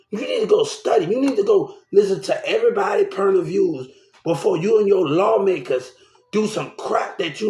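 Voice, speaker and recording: A man's voice: high voice, creaky, darkish tone, roomy sound. An upset man ranting to the camera, agitated and repeating himself, shaken and swearing. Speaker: vlogger. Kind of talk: angry rant to camera.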